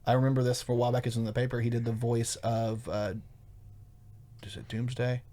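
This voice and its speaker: A man's voice: medium pitch, little pitch movement, a little fast, a loud crowd. A man co-hosting a podcast in casual, laid-back chat, cursing freely and plugging local events. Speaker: podcast co-host.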